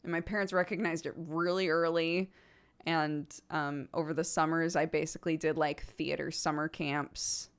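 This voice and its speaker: A young woman streams in casual, chatty talk, her voice sitting a touch low. She is animated and self-deprecating, laughing easily and slipping into little theatrical performances. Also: normal speed, clean tone. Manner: theatrical, acts out quotes. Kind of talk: casual chat.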